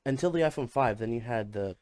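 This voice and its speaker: A man's voice: medium pitch, lively intonation, fast talker, darkish tone, no room sound, studio quality. A young man co-hosting a podcast, talking in a rambling, casual way with many fillers and restarts. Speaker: podcast co-host. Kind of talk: casual chat.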